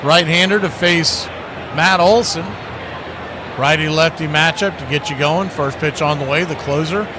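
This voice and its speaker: Man calling baseball play-by-play, noisy stream. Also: moderate pace. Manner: steady pitch-by-pitch calling, rising excitement on big plays. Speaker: play-by-play announcer.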